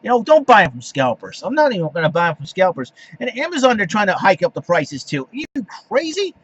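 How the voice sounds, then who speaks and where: A man hosts his own show in a loose, exasperated rant, tripping over his words and starting sentences again. His voice sits on the high side for a man. The recording is dull and lo-fi. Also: brisk, slight background noise. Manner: animated, exasperated ranting with many restarts. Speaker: podcast host. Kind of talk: casual solo rant.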